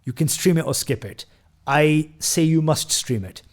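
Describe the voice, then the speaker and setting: A man's voice: a little high, unhurried. A man hosting a casual film review who retells scenes at length, with frequent fillers, restarts and quoted lines from the characters.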